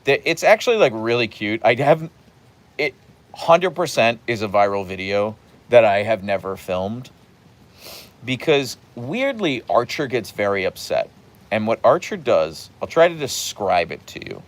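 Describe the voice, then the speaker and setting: A man hosting a casual live stream outdoors in light rain, chatting with viewers in an animated way. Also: on the low side, a little slow. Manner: chatty and animated, acting out his dogs in funny voices. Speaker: host answering live chat.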